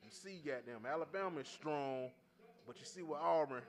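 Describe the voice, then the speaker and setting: A man's voice: a little high, normal speed. A man hosting a casual sports podcast, easygoing and rambling, often saying "man.". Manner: easygoing, repeats "man" and "you know what I'm saying".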